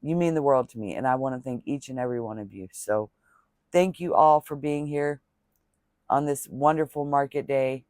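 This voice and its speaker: An earnest crochet vlogger rambles casually to camera in a medium-pitched, slightly mellow voice at normal speed. The sound is dry, close and echo-free, and he offers viewers thanks and religious blessings.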